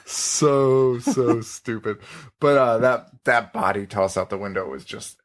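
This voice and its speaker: A man hosting a podcast, chatting casually about a movie, animated, laughing often and swearing freely. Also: medium pitch, a little slow. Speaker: podcast host. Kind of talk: casual movie-review chat.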